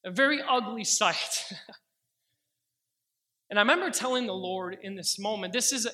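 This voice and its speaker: Young male preacher, high and bright, earnest testimony, slows down for quoted prayers. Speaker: pastor. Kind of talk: sermon with personal testimony.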